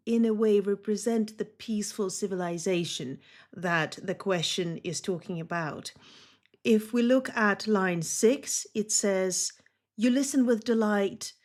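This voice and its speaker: A woman tutor walking through exam questions step by step, explaining each answer in a measured way and reading poem lines aloud. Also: mid-range voice, darkish tone. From Oxford-trained. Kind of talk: exam walkthrough lesson.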